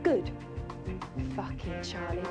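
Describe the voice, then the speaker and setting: A woman's voice: lowish voice, lively intonation, takes it slowly. An actress playing a cold, bossy female professional criminal, giving curt orders in a video game. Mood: contemptuous. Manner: curt, commanding, contemptuous. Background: game soundtrack music.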